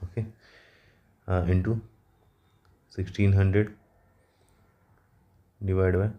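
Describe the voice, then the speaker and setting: A man working through an engineering problem at a whiteboard, halting often with fillers and self-corrections. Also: sits low, level tone, lo-fi sound. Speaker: engineering exam tutor.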